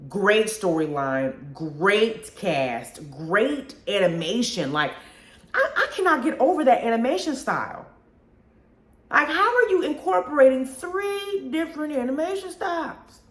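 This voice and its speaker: Animated woman host in a roomy space. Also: on the high side. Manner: animated, expressive, frequent restarts and slang. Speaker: podcast host reviewing movies. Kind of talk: casual solo review. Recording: roomy echo.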